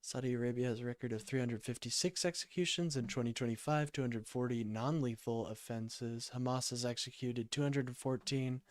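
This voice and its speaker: Brief: tired man hosting a call-in stream, smooth voice, dry close sound, rambling and apologetic. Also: mid-range voice, a little fast, hardly any pauses, no echo. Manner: rambling, apologetic, reads chat aloud. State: sleepy, yawning. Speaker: livestream call-in host. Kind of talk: casual livestream chat.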